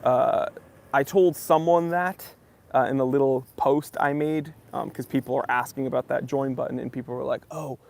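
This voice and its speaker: Chatty young man, gravelly voice. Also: mid-range voice, steady tone, moderate pace, a little mellow. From southern New Hampshire. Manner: chatty, greets viewers by name. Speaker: live-stream host. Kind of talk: casual live-stream chat.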